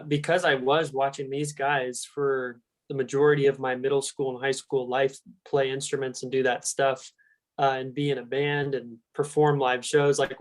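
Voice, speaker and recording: A young man, a band member guest, speaking in a heartfelt, halting way. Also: medium pitch. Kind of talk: casual interview talk.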